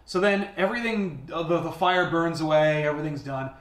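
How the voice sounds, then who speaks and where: A man's voice: on the high side, fairly quick, fairly bright tone, reverberant. A man casually retelling a comic book story on a podcast, acting out the characters' lines.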